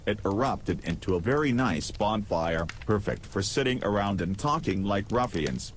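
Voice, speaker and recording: A man with a fairly low voice tells a ridiculous comic adventure in a deadpan, goofy way. Faint insect and cricket noise sits behind the voice. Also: moderate pace. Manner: goofy, deadpan, absurd humor with silly voices. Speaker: podcast storyteller. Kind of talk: comic first-person story narration.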